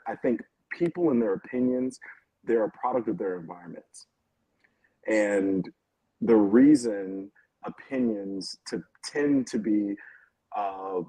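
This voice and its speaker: A man's voice: lowish voice, darkish tone, breathy edge, no room sound, rough recording. A man speaking on a video call from home in a casual panel discussion, hesitant and full of restarts. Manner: hesitant, many fillers and restarts, laughs between points. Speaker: panel guest.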